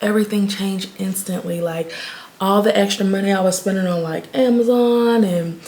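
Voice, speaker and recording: A woman's voice: medium pitch, steady tone, moderate pace, darkish tone. A woman, chatting candidly to her viewers in a get-ready-with-me vlog. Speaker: beauty vlogger.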